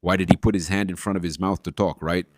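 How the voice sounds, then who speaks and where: A man's voice: deep voice, fairly even intonation, fast talker, no echo, clean studio sound. A man from Brazil hosting a football channel, ranting with indignant, repetitive exclamations. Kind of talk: ranting fan commentary.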